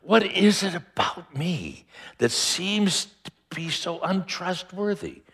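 A man voicing God as an exasperated, baffled figure in a lively, self-mocking, conversational way. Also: high voice, takes it slowly, slight background noise, pitched above the performer's own voice, exaggerated voice. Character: exasperated God puzzling over a doubting man.

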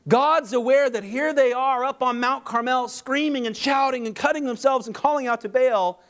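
A man preaching a sermon, animated, with mocking humorous asides. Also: very high voice, moderate pace. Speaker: pastor.

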